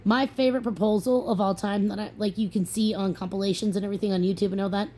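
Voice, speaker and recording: A young woman vlogging to camera, chatty and sassy, full of playful asides. Her voice is mellow and soft-edged, sitting at a middle pitch. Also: steady tone, fast talker, slight background noise. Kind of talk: casual opinion monologue.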